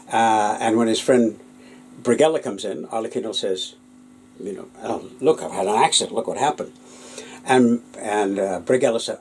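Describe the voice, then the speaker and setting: A puppeteer telling stories about his work in a relaxed, hesitant way, with many fillers and restarts. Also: medium pitch, a little hiss or hum, rough recording. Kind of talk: anecdotal storytelling.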